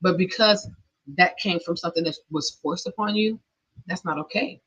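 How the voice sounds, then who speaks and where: A middle-aged woman with a voice on the low side, a bit bright and slightly rough, speaks at normal speed on her podcast. In an earnest, emotional monologue about her own life, she laughs nervously now and then; the recording is lo-fi and dull.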